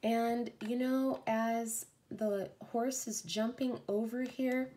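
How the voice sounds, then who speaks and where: A woman hosting a live oracle card reading, slow and effusive, greeting viewers by name and offering spiritual encouragement. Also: a little high, steady tone, warm tone. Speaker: oracle card reader, livestream host.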